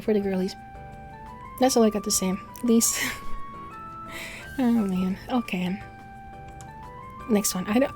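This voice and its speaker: This VTuber streamer has a mid-range, dark-toned voice. She chats casually on a livestream, rambling, cursing frequently, and breaking into laughter between ideas.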